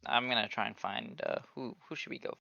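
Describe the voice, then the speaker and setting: A man's voice: mid-range voice, fairly quick, gravelly, sharp tone, muffled recording. A young man co-commentating a sim race, casual and a little hesitant. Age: young adult.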